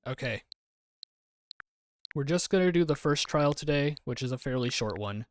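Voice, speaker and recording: Animated and mid-range in pitch, a streamer talks at a normal speed during a livestream, rambling and replying to his chat aloud. Background music plays under his voice.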